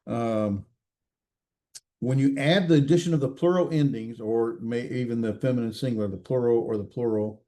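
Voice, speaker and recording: A male instructor in a recorded class session, talking in a mellow, dark-toned voice. He explains patiently but haltingly, full of uh's and restarts, correcting himself and asking the students if they follow. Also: medium pitch. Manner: halting, many fillers and restarts; checks in with students, self-correcting.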